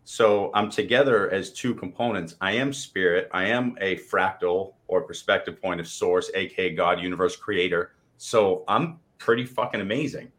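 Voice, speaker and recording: Deep-ish voiced guy hyping self-love, swears a lot, gets worked up telling stories. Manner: animated storytelling, swears freely. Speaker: motivational speaker, co-host. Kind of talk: casual livestream chat.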